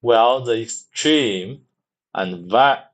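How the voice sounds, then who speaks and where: A man's voice: mid-range voice, poor audio. A man reading a book aloud to practice his English, stopping to repeat words again and again. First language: Mandarin. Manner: halting, repeats words many times, restarts.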